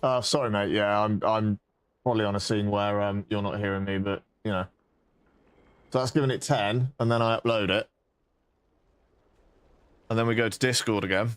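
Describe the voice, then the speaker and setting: A man's voice: lowish voice, fairly even intonation, moderate pace, pauses often, clean tone, dry recording. A man streaming a game and chatting casually, rambling, swearing and mocking himself with bursts of laughter. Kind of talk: casual live-stream chat.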